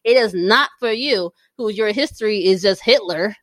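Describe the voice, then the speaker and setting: A woman co-hosting a casual podcast, talking in an animated, blunt and slangy way. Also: medium pitch, moderate pace, no room sound, studio quality. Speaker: podcast co-host.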